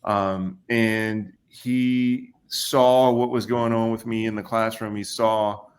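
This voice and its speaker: A middle-aged man from Kentucky, telling a story on a podcast. He talks casually at a mid pitch. When he quotes people, his voice jumps up and gets livelier. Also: slow pace, slight background noise. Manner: animated, acts out quotes with raised voice. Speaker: podcast guest.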